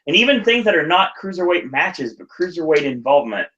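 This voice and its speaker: Male podcast host, very bright, rambling casual delivery, slightly muffled lo-fi audio. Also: fairly high pitch, big pitch swings, brisk. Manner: rambling, self-correcting, laughs easily. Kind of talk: casual chat recapping wrestling.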